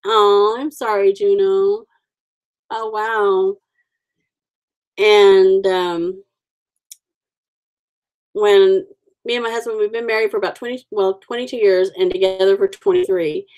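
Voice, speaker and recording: A woman in her forties hosts a casual livestream, chatting with viewers in a friendly, rambling way full of fillers. Her mid-range voice is a little mellow and steady, coming slowly with frequent pauses.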